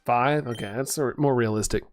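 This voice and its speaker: A man's voice: medium pitch, moderate pace, soft background music. A young man streaming, chatting casually with his audience, reading their comments aloud and laughing at himself. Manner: chatty, self-mocking, reads chat aloud and laughs often. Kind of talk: casual live-stream chat.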